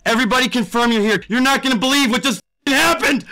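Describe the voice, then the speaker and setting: A man's voice: very high voice, fast, few pauses, pushed and bright. A man talking live to his stream viewers, swearing often and repeating his exclamations.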